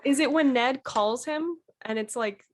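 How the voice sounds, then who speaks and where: A woman's voice: high voice, a little slow. A woman appearing as a podcast guest in casual chat. She is playful, laughs easily and talks with a lot of "like" fillers.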